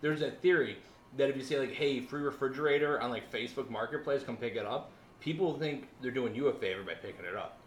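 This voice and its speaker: A man's voice: medium pitch, fast talker, a little hiss or hum. A man co-hosting a casual podcast chat, telling stories with laughing asides. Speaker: podcast co-host. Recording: echoey room.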